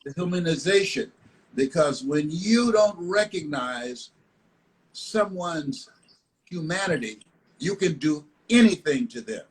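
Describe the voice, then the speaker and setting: In a live online interview, an older US motivational speaker tells stories with insistent emphasis and repetition. His fairly high voice is expressive and a little slow, and the recording from the live video call is rough.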